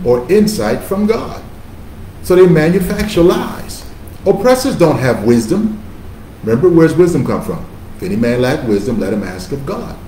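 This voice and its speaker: A man's voice: medium pitch, warm tone, echoey room, slight background noise, poor audio. A male pastor preaching a sermon in an emphatic, conversational style, calling on listeners to repeat after him.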